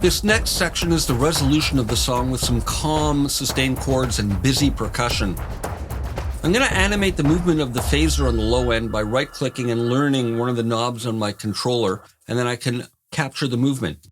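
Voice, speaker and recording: A man calmly explaining how he builds a cinematic cue in music production software, in a tutorial voice-over. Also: medium pitch, fairly quick. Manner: calm, explanatory, technical. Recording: voice over loud background music.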